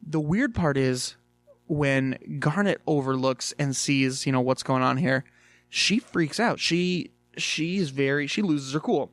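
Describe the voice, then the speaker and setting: A man's voice: fairly high pitch, a bit bright, dry recording. A man casually reviewing a cartoon episode, rambling with lots of fillers.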